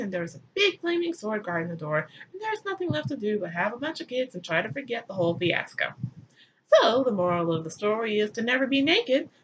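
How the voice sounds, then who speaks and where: A woman's voice: on the high side, fairly bright tone, highs cut off, slight background noise. A woman reading aloud her own irreverent, crude comic retelling in a sarcastic way. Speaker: channel host. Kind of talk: comedic read-aloud retelling.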